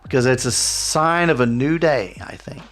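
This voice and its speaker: A man's voice: mid-range voice, normal speed, a bit bright, faint music behind, voice pushed up, close to an everyday voice. A man voicing a haughty, mocking female vampire prince in a tabletop game, with a sly, sarcastic manner. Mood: grand. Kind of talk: tabletop role-play voice acting.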